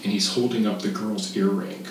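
A man in his fifties from Texas, a podcast guest telling a camp story in animated casual chat, laughing and swearing freely. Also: lowish voice, a little fast. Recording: echoey room, distant mic, faint noise.

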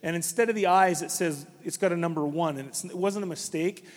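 A man's voice: a little high, brisk. A man preaching a conversational sermon as a pastor, telling stories with many restarts. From Canada. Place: church. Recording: long hall reverb.

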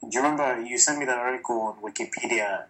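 Bright-voiced candid man, swearing freely. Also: medium pitch, fast, low-quality recording. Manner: candid, profane, animated storytelling. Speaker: podcast guest. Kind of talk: casual podcast chat. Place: lives in China, recorded remotely or in a room.

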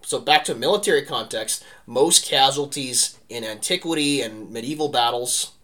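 A man talking history casually as a podcast co-host, animated and rambling, peppering his talk with "like" and "right?". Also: medium pitch, normal speed.

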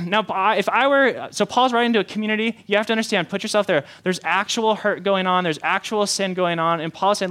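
Guy preaching, chatty and animated, higher voice, really smooth. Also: brisk, few pauses. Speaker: pastor. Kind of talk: sermon.

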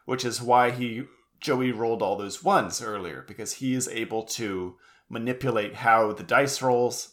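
A man co-hosting a casual chat podcast, explaining plot points in a relaxed way with dry jokes. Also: mid-range voice, a little slow. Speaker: podcast co-host. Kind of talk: casual chat recapping a show.

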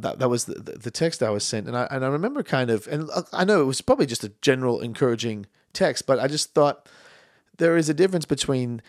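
A man's voice: mid-range voice, no echo, studio quality. A man preaching a casual, conversational sermon as pastor, stumbling and restarting often and calling out "amen".

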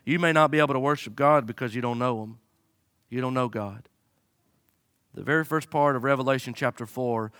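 A man preaching a sermon as a pastor, swinging from loud high-pitched fervor to quiet, low pleading and using folksy humor. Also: no room sound, clean studio sound. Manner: folksy humor, acts out his listeners' excuses.

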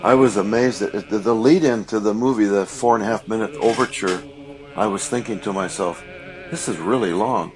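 A man co-hosting a casual film discussion, recounting scenes with enthusiasm and some halting restarts. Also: lowish voice, fairly even intonation, soft background music.

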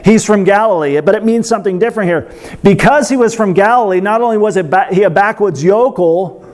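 A man's voice: sits high, darkish tone. A man preaching a sermon in a conversational way, breaking off into asides and fillers. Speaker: pastor.

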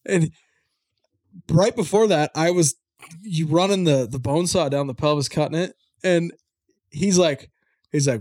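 A man co-hosting a podcast, telling a story in animated bursts and laughing mid-story. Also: a little high, moderate pace, pauses often, no echo, studio quality. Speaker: podcast co-host. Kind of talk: casual chat.

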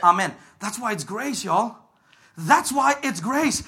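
Male pastor, very high voice with a bright edge; fervent sermon delivery that swells to shouts and leads call-and-response. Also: animated, takes it slowly. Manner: fervent, rises to shouts and calls for congregation responses.

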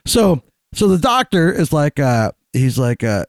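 Man, casual podcast chat, swears a lot, laughs through stories, fairly high voice, dry close sound. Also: big pitch swings, measured pace, no room sound. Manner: profane, laughing storyteller. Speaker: podcast co-host.

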